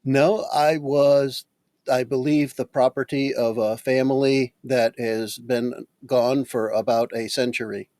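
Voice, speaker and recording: A man voicing a literal-minded construct made of wood and metal, who talks slowly and plainly. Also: mid-range voice, steady tone, darkish tone, dry recording, close to an everyday voice. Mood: earnest.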